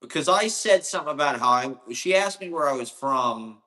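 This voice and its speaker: A man's voice: fairly high pitch, lively intonation, normal speed, pushed and bright. A man from Ohio delivering a casual, rambling monologue, profane and sarcastic.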